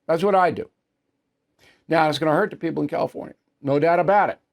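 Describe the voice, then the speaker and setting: A man's voice: on the high side, quick pace, gravelly. A man in his seventies with an American accent, hosting a news commentary show and answering viewer mail in a blunt, emphatic, dismissive way. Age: 70s.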